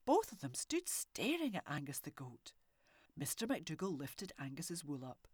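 A woman reading a children's story aloud with expressive, animated delivery and soft whispery asides. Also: low-pitched, moderate pace, husky, dry recording, studio quality. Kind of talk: storybook narration.

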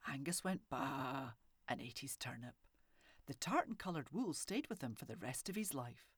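A woman reading a children's story aloud with expressive, animated delivery and soft whispery asides. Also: extremely low pitch, normal speed, husky, dry recording. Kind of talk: storybook narration.

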